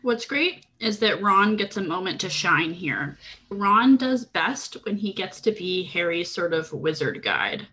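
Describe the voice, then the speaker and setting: A woman's voice: fairly low pitch, sing-song, measured pace, bright, forceful tone, slightly rough. A woman co-hosting a podcast, talking through a book in a casual, thoughtful and analytical way. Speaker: podcast co-host.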